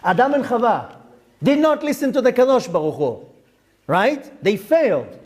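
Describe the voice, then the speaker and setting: A man's voice: very high-pitched, sing-song, normal speed, a little mellow. A middle-aged man preaching as a rabbi, emphatic and rhetorical, often asking his listeners questions. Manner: emphatic, rhetorical questions, dips into Hebrew terms. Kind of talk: sermon.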